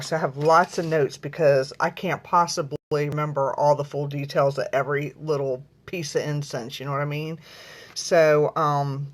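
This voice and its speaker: A woman hosting a casual live video at home, talking to viewers in a chatty, rambling way and calling them y'all. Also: sits low. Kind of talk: casual live-stream chat. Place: at home, lighting incense.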